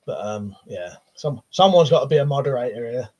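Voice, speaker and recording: A man hosts a live stream, reading viewer comments aloud and answering casually with plenty of swearing. His voice is medium-pitched, animated and a little mellow, at a normal speed, and the stream audio is dull and lo-fi.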